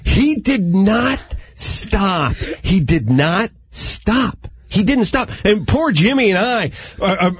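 A man hosting a talk radio show, telling a long comic story in a rambling, animated way. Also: high voice, slightly rough. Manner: animated, rambling, acts out quotes.

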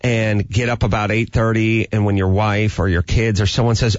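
A male radio host delivers a long, animated rant, acting out quotes of himself and his household. The sound is dull and lo-fi, very dry with no room to it. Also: lowish voice, normal speed, dry recording. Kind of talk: comedic rant and phone interview.

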